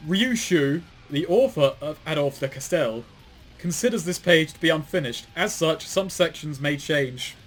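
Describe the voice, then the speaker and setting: A man's voice: a little high, lively intonation, moderate pace, faint music behind. A man co-hosting a casual commentary show, reading aloud and mocking it with sardonic asides, frequent swearing and laughter. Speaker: commentary co-host.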